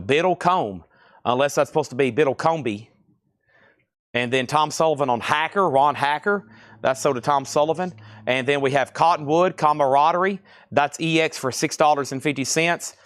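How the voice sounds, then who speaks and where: A man with a Southern US accent from Tennessee, running a live record sale stream with fast, joking auction patter. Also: fairly high pitch, a bit bright, no room sound, clean studio sound. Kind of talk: live sales auction chat.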